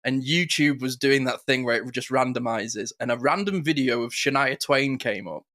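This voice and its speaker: Male co-host, bright and forceful tone, lively storyteller who acts out quotes. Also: mid-range voice, normal speed. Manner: animated storyteller, laughs often, acts out quotes. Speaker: podcast co-host. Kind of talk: casual chat.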